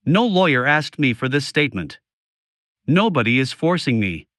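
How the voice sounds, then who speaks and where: A man narrating a scripted first-person story in a slow, solemn, confiding way. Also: medium pitch, very animated, a bit bright, no echo, studio quality.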